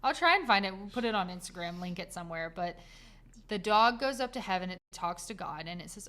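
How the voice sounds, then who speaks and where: A woman co-hosting a casual podcast, comforting a listener and telling a story with animated delivery. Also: medium pitch, a little fast. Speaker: podcast co-host. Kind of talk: casual chat.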